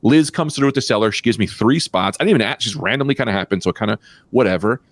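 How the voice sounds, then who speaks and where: Man, comedy podcast co-host, animated profane rant, lively swooping pitch, dry close sound. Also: no room sound. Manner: animated, profane, quick rants with pitch jumps. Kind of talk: casual storytelling chat.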